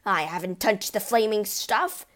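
A blustering, shifty middle-aged father bellows in outrage, as a woman acts him out. He sounds loud and indignant, shouting every line in a storybook telling. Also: medium pitch, big pitch swings, normal speed, close to an everyday voice.

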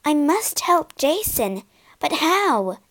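A woman reading a storybook aloud, voicing an anxious young princess who is secretly in love, in a high, earnest, pleading voice. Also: sing-song, slow, fairly bright tone, exaggerated voice.

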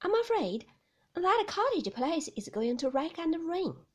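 A woman's voice: extremely high pitch, big pitch swings, unhurried, voice pushed up, exaggerated voice. A woman reading the part of a shy young woman who asks eager, nervously curious questions in a storybook reading.

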